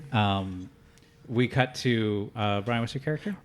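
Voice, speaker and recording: Halting male game master. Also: mid-range voice. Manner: halting, full of fillers and restarts. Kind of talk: improvised game narration.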